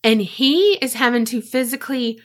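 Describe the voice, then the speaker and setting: A woman co-hosting a podcast, telling a story in casual chat, animated and swearing freely. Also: a little high, moderate pace. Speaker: podcast co-host.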